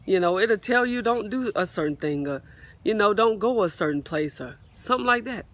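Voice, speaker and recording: A woman's voice: mid-range voice, lively intonation, moderate pace. Fervent woman telling a testimony. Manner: fervent, repetitive, often calls out to viewers. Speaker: faith vlogger sharing a testimony. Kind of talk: casual spoken testimony. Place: outdoors on a swing. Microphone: phone mic, sometimes partly covered.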